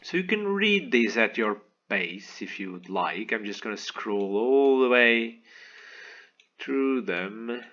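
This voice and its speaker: An excitable man giving let's play commentary, talking straight to his viewers. His voice is bright and forceful, with a mid-range pitch. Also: slow pace, lo-fi sound. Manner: excitable, animated, talks to viewers. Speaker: gaming video host.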